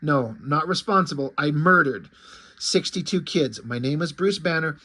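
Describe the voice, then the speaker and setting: A man voicing a guilt-ridden male scientist making a halting, solemn confession. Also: a little high, pushed and bright, voice pushed down. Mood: guilty.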